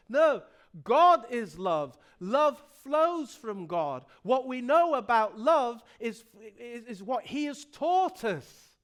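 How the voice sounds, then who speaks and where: Passionate high-voiced pastor preaching. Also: male voice, animated, takes it slowly. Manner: passionate, swings from loud emphasis to soft pleading; repeats words and restarts phrases. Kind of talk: sermon. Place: church.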